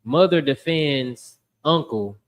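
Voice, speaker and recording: A man hosting a casual podcast, telling stories in an animated way and acting out the voices of the people in them. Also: mid-range voice, slow. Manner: animated storytelling, acts out voices. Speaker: podcast host.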